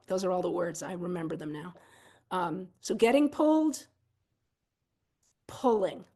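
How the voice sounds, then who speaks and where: A woman instructor talks a seminar audience through video clips in a relaxed, conversational way. Her voice sits at an ordinary middle pitch, and she explains patiently with casual fillers. She is candid and often pokes fun at her own mistakes. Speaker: dog sport instructor giving a seminar talk.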